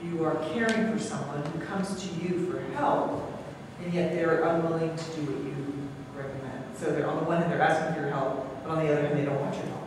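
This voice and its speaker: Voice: mid-range voice, fairly even intonation, brisk, background noise. An audience member asking a question from the floor, hesitant and searching for words, recorded from a distance in a large echoey hall.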